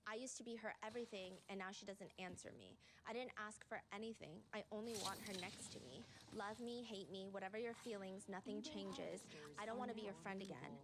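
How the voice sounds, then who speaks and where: A woman talking through a commentary video in a loose, chatty way. Her voice sits at an ordinary pitch, and she drops in filler words as she reads lyrics and viewer comments aloud. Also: brisk, few pauses, noisy background.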